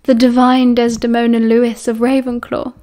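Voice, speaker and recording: A smug, smirking teenage wizard boy with a British accent, as a woman reading an audiobook puts him on. His voice sits a touch high and has a withering, self-assured edge. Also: flat delivery, normal speed, warm tone, lightly acted.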